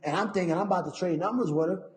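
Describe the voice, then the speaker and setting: Raised-pitch man telling a story in an echoey room. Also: very fast. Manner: profane, animated, acts out his own past lines. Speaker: interview guest, fighter. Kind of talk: casual storytelling.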